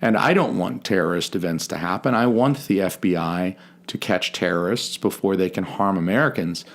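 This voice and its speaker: Male podcast co-host, lower register, casual, jokey storyteller with salty language. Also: moderate pace. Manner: chatty, profane, jokey storyteller.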